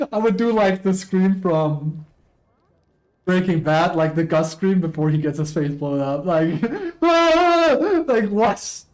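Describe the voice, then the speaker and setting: A man streaming live, chatting casually and reading posts aloud, excitable, laughing often and swearing casually. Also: high-pitched, takes it slowly.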